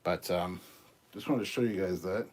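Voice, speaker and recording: A man's voice: deep voice, normal speed, darkish tone. A man hosting his own channel, chatting casually in a rambling, jokey way with many fillers. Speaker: channel host. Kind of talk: casual livestream chat.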